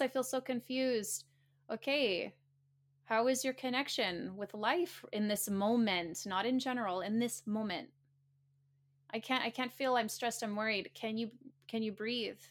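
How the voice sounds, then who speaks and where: Speaking casually to her listeners, a woman with a medium-pitched, fairly bright voice tells an animated story. She laughs often and earnestly repeats phrases.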